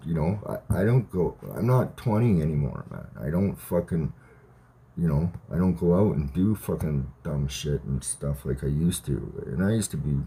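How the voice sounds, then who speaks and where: A man's voice: sits low, warm tone, husky. A man in his thirties ranting on a live stream, profane and agitated, rambling with many restarts. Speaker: livestream host. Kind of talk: rambling livestream rant.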